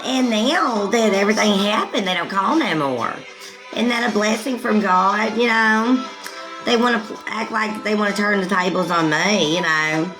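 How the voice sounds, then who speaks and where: A woman's voice: mid-range voice, moderate pace, rough recording. Woman livestream host, very talkative, rambling, laughs a lot, music in the background. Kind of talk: casual livestream chat.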